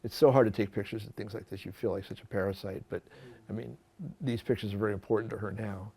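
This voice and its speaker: A man with a lowish voice tells a personal story from the stage as he shows slides. He speaks in halting bursts, restarts his sentences and repeats words. Now and then he acts out the lines of the people in the story. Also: fairly even intonation, mellow. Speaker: photographer giving a talk.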